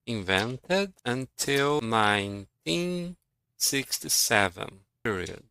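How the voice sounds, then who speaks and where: A man from Brazil with a Brazilian Portuguese accent, teaching English pronunciation slowly and repeating words for practice. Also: mid-range voice, very animated, sharp tone, a little hiss or hum, rough recording. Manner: slow, deliberate, repeats words for drilling. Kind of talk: online pronunciation lesson.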